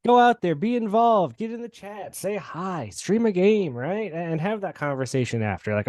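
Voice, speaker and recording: A man hosting a gaming league podcast, chatting in an excitable, jokey way with lots of restarts. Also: high voice, moderate pace, hardly any pauses, no echo, clean studio sound. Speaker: podcast host. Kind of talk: casual podcast chat and wrap-up.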